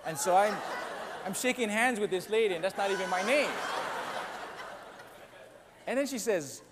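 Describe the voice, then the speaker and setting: A man's voice: high-pitched, expressive, normal speed, pauses often. A man preaching a sermon as pastor, telling a self-deprecating story and acting out the other voices. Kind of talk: sermon with a humorous personal story. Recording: long church reverb, faint noise.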